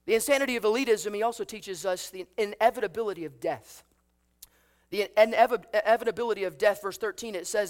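A man's voice: very high-pitched, quick pace, a bit bright. A man preaching a sermon, telling a story with acted voices and asking the congregation rhetorical questions. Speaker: pastor.

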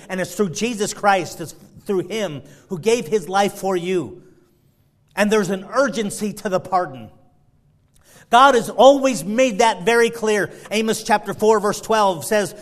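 A man preaching a sermon, quoting scripture and swinging between loud urgent pleas and hushed, quiet passages, often stumbling over and repeating words. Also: sits high. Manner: quotes scripture in King James wording, stumbles and repeats words.

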